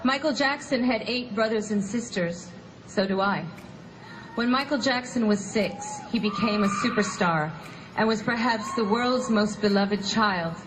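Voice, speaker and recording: A woman's voice: mid-range voice, noisy background. A woman in her fifties from the US Midwest, delivering a prepared, reflective tribute speech. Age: 50s. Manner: measured, reflective. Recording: music clearly behind.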